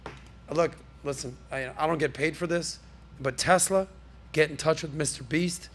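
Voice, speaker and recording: A man's voice: a little high, normal speed, a bit bright. A man hosting a casual pop-culture podcast, riffing in a brash, jokey, salesman-like way from a podcast studio. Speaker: podcast host.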